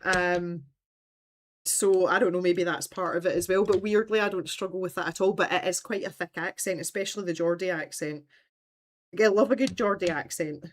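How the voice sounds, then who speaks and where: Animated, chatty Scottish woman. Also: on the low side, moderate pace. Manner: animated and chatty, laughs often. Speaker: livestream host. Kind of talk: casual chat.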